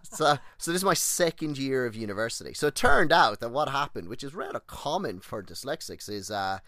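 Here the podcast guest, an exercise physiologist, speaks at a medium pitch in a sing-song, slightly fast manner, his voice pushed and bright in a dry, clean studio recording. Rambling through personal stories, he swears freely, mimics the people he quotes, and keeps restarting and veering into tangents.

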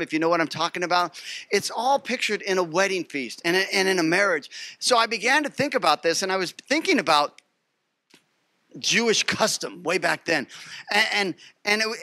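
A man preaching a sermon as pastor, animated and emphatic, repeating phrases and putting questions to the congregation. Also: high-pitched, dry recording. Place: church.

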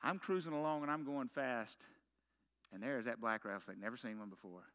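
A man's voice: medium pitch, a little fast, fairly bright tone. A middle-aged man preaching a sermon as pastor, telling a story with self-mocking humor and punchy rhetorical questions.

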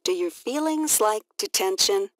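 A woman voicing a firm, brisk female schoolteacher. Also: mid-range voice, animated, dry recording, studio quality, lightly acted.

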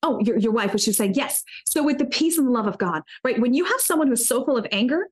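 A woman's voice: on the high side, lively intonation, quick pace. Earnest woman preaching about faith. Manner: earnest, preachy, with frequent restarts. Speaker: guest. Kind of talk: casual interview talk about faith.

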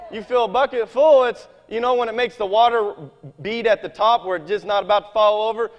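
A man with a high voice preaches in an animated, folksy way, breaking off into scripture readings. His voice rings with a long reverb in a large hall. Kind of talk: sermon. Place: church meeting hall.

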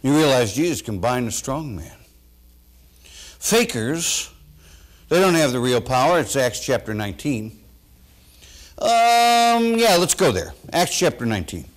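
A pastor preaching a sermon to his congregation, folksy and animated, swinging between loud bursts and quiet asides. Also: medium pitch, a little slow, pauses often. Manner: folksy, talks straight to the congregation.

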